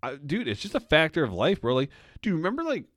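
A young man co-hosting a podcast, talking in a crude, profane, deadpan teasing way. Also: on the high side, fast, dry recording, studio quality. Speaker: podcast co-host. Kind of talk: crude casual chat.

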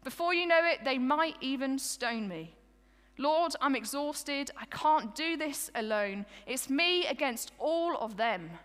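Woman preacher doing Moses as an exhausted, pleading leader; bright tone, reverberant room. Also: high voice, lively intonation, a little slow. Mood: exasperated. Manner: first-person storytelling, exasperated and pleading. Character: Moses, weary exasperated male leader of a grumbling people.

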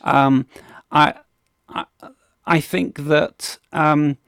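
Guy with a bit of a gravelly voice rambling on a podcast, lots of ums, dry close mic. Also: a little high, level tone, very slow, a bit bright, no echo. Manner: rambling, many restarts and ums, laughs often. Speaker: podcast host. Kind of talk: casual podcast chat.

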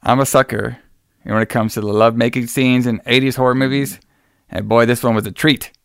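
Casual podcast co-host, gravelly male voice, animated storyteller, dry close mic. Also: medium pitch, brisk, no room sound. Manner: animated storyteller acting out quotes, laughing often. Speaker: podcast co-host recapping a horror movie. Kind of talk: casual chat.

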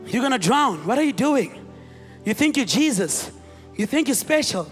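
A man's voice: extremely high pitch, sing-song, normal speed. A man acting out a group of men who scoff at and taunt a friend. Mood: mocking. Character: mocking group of grown men. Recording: reverberant hall, faint music.

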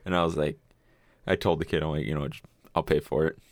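Very deep-voiced laid-back young man. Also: fairly even intonation, quick pace, no room sound, clean studio sound. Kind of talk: casual chat.

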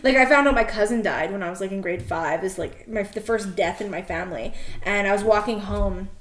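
A woman's voice: mid-range voice, a little fast, roomy sound. Woman telling stories on a podcast. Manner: animated storyteller, laughs often, acts out her dad's gruff replies. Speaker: podcast co-host. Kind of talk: casual chat. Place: podcast studio.

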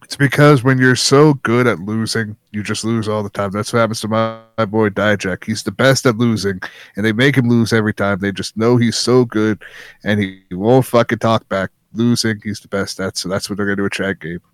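A man co-hosting a casual wrestling chat, deadpan and profane. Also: on the low side, a little fast, dry recording. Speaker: co-host.

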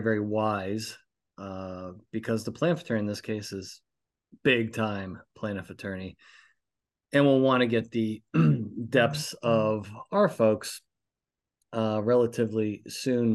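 A man in his forties hosting a podcast, telling a story as an exasperated, animated rant with sudden rising outbursts. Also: lowish voice. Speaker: podcast host. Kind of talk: casual ranting monologue.

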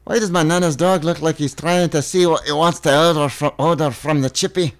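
A man's voice: a little high, fairly even intonation, a little fast, voice pushed up, close to an everyday voice. A man putting on a brash Scottish tweeter. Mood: cheeky, crude. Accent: put-on Scottish. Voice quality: raised, punchy and crude. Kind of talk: comic read-aloud of posts.

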